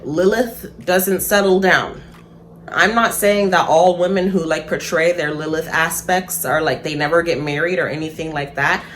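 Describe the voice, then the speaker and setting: Woman, lowish voice, casual monologue, blunt, swears, slows down to stress points. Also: a little hiss or hum. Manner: blunt, chatty, swears freely, laughs at own points; slows down for emphasis. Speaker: spiritual vlogger.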